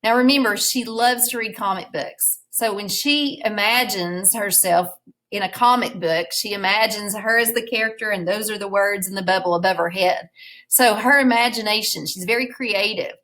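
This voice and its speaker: A woman's voice: medium pitch, normal speed, a bit bright, poor audio. Patient woman teacher reading aloud. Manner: patient, explains words and prompts students. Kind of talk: reading a storybook aloud for a recorded class lesson.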